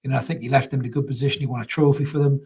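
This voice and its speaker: A man's voice: mid-range voice, fairly even intonation, racing, a little mellow, husky. A young man hosts a live football reaction stream, chatting casually, laughing often and reading out viewer comments. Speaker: fan channel host.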